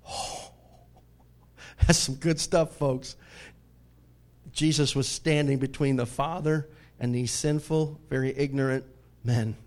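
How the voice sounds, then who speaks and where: Here the pastor speaks slowly and steadily, pausing often, in a conversational sermon. His delivery moves between thunderous stress and soft asides, punctuated by chuckles and questions aimed at the audience.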